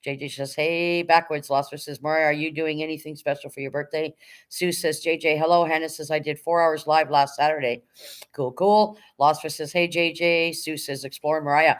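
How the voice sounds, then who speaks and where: A woman's voice: low-pitched, fairly even intonation, normal speed. Woman, livestream host, casual chat, blunt, preachy, swears often, talks straight to viewers. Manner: repeats rallying phrases, addresses viewers directly.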